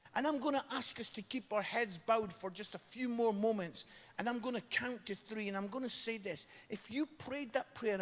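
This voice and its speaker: British guy preaching, really high voice with some gravel, big echoey church hall. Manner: storytelling, repeating phrases for emphasis. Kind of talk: evangelistic sermon with a story. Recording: long hall reverb.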